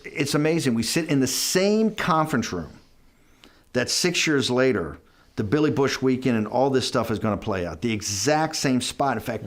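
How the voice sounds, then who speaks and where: A man being interviewed, telling a long anecdote in a rambling way, restarting sentences and quoting others with "I go". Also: mid-range voice. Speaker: interview guest. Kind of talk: anecdotal storytelling in a conversation.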